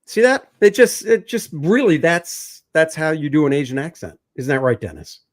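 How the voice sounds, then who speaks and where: Jokey livestream host, man, fairly high voice, plugs and lists items briskly. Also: lively intonation. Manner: joking, upbeat, lists items and plugs channels. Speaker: comic artist and show host. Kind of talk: casual livestream chat and sales pitch.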